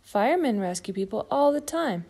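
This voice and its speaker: A woman's voice: on the high side, animated, normal speed, a little mellow. A woman voicing a friendly, matter-of-fact puppet man in a storybook reading. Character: friendly grown male puppet, plain and sensible.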